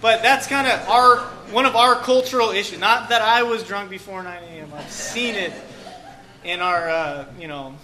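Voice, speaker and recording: High, bright-voiced male preacher. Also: normal speed. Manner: casual, joking, frequent "okay" and "um". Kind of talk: conversational sermon.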